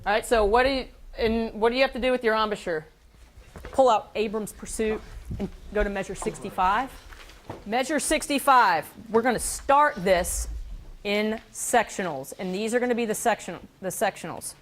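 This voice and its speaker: A woman teaching a school band, giving brisk directions and counting off. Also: mid-range voice. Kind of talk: classroom instruction.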